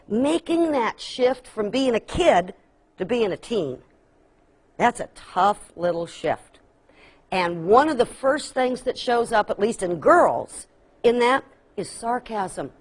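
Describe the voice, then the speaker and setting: A middle-aged woman giving a training workshop, lively and humorous, acting out kids' voices and dropping folksy asides. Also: medium pitch. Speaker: workshop presenter. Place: workshop room.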